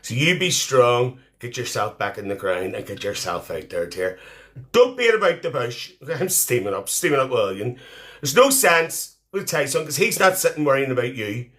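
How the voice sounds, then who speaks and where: A man's voice: mid-range voice, very animated, moderate pace, fairly bright tone. A man playing a chatty, cheeky middle-aged auntie woman, hosting a live stream on a phone, teasing and mothering the viewers as he reads their comments.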